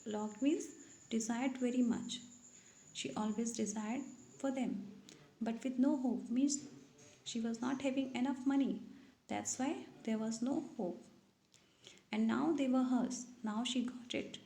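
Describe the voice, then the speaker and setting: A woman's voice: fairly high pitch, fairly even intonation, measured pace, long pauses, mellow, reverberant, poor audio. A woman teaching English, who reads a story aloud and then explains its words in simple terms.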